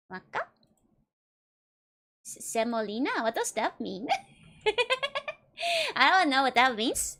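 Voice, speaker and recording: A woman's voice: high-pitched, huge pitch swings, takes it slowly, long pauses, fairly bright tone. A young woman, streaming a game and chatting with viewers, giggling often. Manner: giggly, laughs often between remarks. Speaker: VTuber streamer. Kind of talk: casual let's-play chat with viewers.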